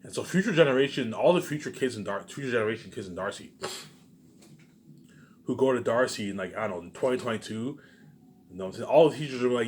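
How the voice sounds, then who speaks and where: A man's voice: lowish voice, animated, quick pace, a little mellow, a little hiss or hum. A man rambling to his camera, boastful and repetitive, swearing freely. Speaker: vlogger. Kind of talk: casual rambling monologue to camera. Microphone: camera mic.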